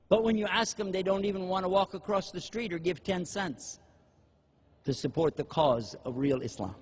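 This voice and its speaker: Brief: male preacher, husky high voice, animated storyteller. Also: moderate pace. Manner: animated storytelling, acting out quotes. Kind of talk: sermon-style talk.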